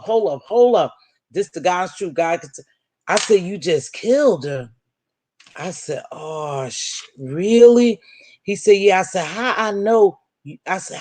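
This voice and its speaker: A woman's voice: medium pitch, darkish tone, dry recording. A woman, hosting a casual chat and telling a story while acting out each person's lines. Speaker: vlog host.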